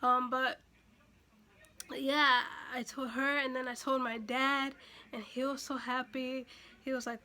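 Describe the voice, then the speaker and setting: Bright-voiced young woman telling a story. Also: high voice, level tone, takes it slowly. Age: young adult. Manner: chatty, with many fillers and restarts. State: emotional, near tears at times. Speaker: vlogger. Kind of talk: casual storytime.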